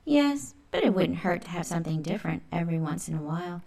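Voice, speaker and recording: A woman's voice: on the low side, expressive, fast talker, creaky, darkish tone. A woman reading the lines of a kind, friendly young boy kitten in a storybook.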